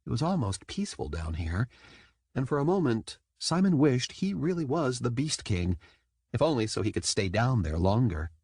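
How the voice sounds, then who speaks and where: A man reading an audiobook in scripted narration, lively and quick to slip into character voices. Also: medium pitch, breathy edge, no room sound, clean studio sound.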